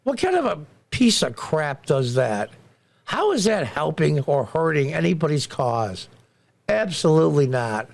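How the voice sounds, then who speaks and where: A man's voice: a little high, big pitch swings, a little slow, gravelly. A middle-aged man hosting a commentary show, delivering a blunt, indignant political monologue and repeating phrases for emphasis.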